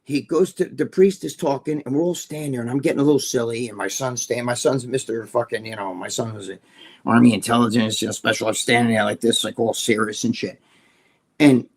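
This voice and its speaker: An older man co-hosting a podcast, telling a story in a profane, animated way and laughing as he goes. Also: medium pitch, a little fast, slightly rough. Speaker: podcast co-host. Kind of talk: casual storytelling chat.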